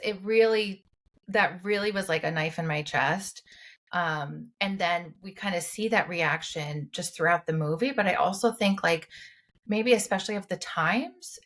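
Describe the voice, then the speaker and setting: Woman clinician cohosting a podcast, earnest, kinda low voice. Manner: earnest and expressive. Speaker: podcast co-host, mental health clinician. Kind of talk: casual podcast discussion.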